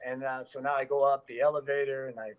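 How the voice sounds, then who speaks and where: A stuntman telling a story in an interview, animated and loose, acting out quoted voices with frequent fillers. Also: medium pitch, fast talker, rough recording. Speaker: stuntman, guest.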